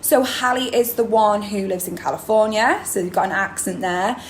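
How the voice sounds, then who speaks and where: A woman's voice: medium pitch, normal speed. A woman drama teacher, explaining in a chatty video lesson with many ums. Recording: roomy echo, faint background noise.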